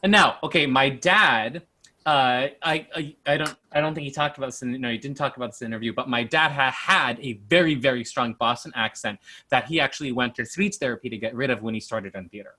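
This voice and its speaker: Man, host, bright tone, casual video call chat, halting restarts. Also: mid-range voice. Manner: chatty, with many restarts and hesitations. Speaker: host of an online panel talk. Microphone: computer mic on a video call.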